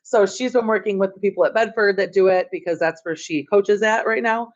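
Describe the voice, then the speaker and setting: A woman school administrator telling the school board a story in a chatty, excitable way, filling her talk with "like". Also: medium pitch, fairly quick. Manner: chatty and excitable, heavy use of "like". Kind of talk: storytelling report at a board meeting. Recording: dull, muffled meeting audio.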